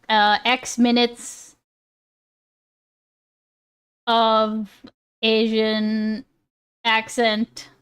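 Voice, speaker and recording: A woman's voice: high-pitched, fairly bright tone, smooth. A woman live streamer chatting casually with her viewers. She rambles, restarts often, laughs a lot and swears freely.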